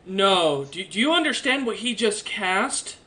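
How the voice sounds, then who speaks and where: Brief: man as exasperated soldier officer fleeing, high and bright. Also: sing-song, unhurried, heavily acted. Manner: blunt, exasperated.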